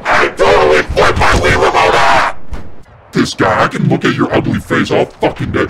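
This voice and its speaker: A man yelling and cursing in frustration while playing video games, his voice run through a demonic filter. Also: deep voice, sing-song, moderate pace, vocal fry, over a noisy crowd, heavy background noise. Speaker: gamer. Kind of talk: rage-filled gameplay commentary.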